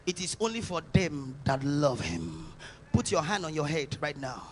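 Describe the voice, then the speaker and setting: A man from Nigeria, a pastor preaching a sermon at a church service, swinging between loud exhortations and soft urgent passages, with faint music behind. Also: fairly high pitch, sing-song, normal speed, a little hiss or hum.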